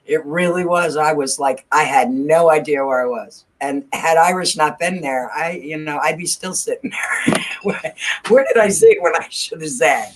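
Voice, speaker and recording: A woman's voice: low-pitched, moderate pace, slight background noise. A woman co-hosting a casual podcast chat, laughing often and poking fun at herself. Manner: laughs often, self-deprecating. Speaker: podcast co-host.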